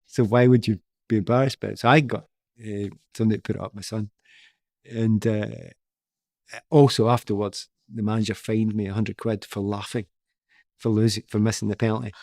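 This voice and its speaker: A man's voice: on the low side, fairly quick, no echo, clean studio sound. A middle-aged man, a former footballer, telling anecdotes in an interview and laughing often as he goes. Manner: laughs often, animated storyteller.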